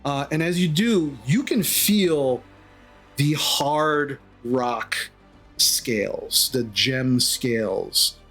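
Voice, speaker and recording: A man's voice: a little high, fairly bright tone, breathy edge. A man running a tabletop game, narrating scenes loosely with plenty of fillers. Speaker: game master.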